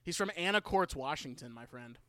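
Bright, high-voiced man telling a rambling story. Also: animated, fairly quick. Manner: rambling, profane storytelling with lots of "like". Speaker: podcast co-host. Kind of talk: casual chat. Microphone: podcast mic.

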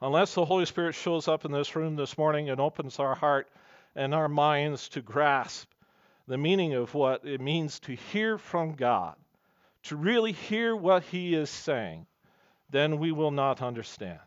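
A man's voice: fairly high pitch, expressive, a little slow, no room sound, lo-fi sound. A man preaching a sermon as pastor, earnest and emphatic, weaving in personal stories.

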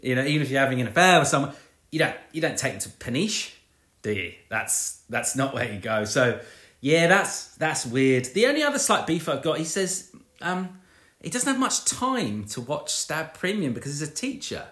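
A man's voice: fairly high pitch, very animated, normal speed, fairly bright tone, reverberant. A man co-hosting a podcast, rambling and sarcastic in casual banter. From British Isles. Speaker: podcast co-host.

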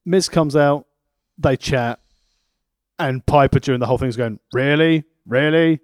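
Guy podcasting, deadpan recap, mid voice, dry close sound. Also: mid-range voice, moderate pace, no echo. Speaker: podcast co-host. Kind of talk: casual wrestling recap chat.

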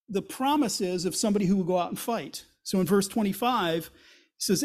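A man's voice: high-pitched, darkish tone. A man preaching a sermon as pastor, in a conversational, explanatory way, asking rhetorical questions and voicing the quotes he reads. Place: church.

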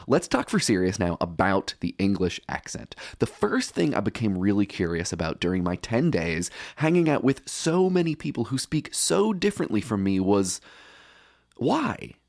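A man narrates his podcast in a wry, playful scripted read. His voice is on the low side but very lively in pitch. The sound is dry and close, with faint music underneath. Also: normal speed, creaky, no echo. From United States. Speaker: podcast host.

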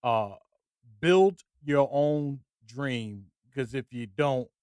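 A man who is a regular on a podcast, chatting casually in a laid-back, measured way. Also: medium pitch, darkish tone, clear, resonant tone, no echo, clean studio sound. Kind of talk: casual chat.

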